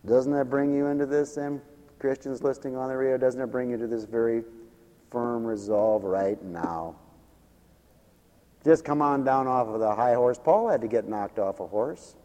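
A male pastor preaching a radio sermon, impassioned and swinging from hushed tones to loud peaks, chuckling between points. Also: medium pitch, moderate pace, in a large hall.

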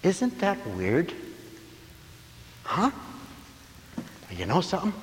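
A man preaching a sermon, swinging from hushed murmurs to loud exclaiming and chuckling between points. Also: medium pitch, lively intonation, unhurried. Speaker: pastor. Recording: hall reverb with faint hiss.

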